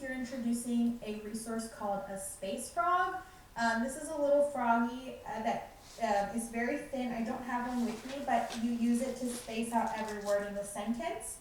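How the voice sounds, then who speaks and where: A woman presenting a preschool curriculum to teachers, explaining steps and modeling how to speak to a class. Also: fairly high pitch. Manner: modeling lines in a bright teacher voice. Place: school library. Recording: echoey room, distant mic, faint noise.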